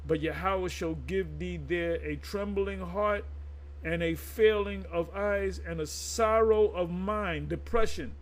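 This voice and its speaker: A high-pitched man reads scripture aloud in halting fragments, then slides into a loose, rambling rant riddled with stumbles and restarts.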